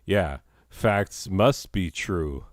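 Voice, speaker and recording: A man's voice: low voice, animated, very slow, no room sound, clean studio sound. A man hosting a comedy show, telling a rambling self-deprecating story with chuckling asides and digressions. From Arizona.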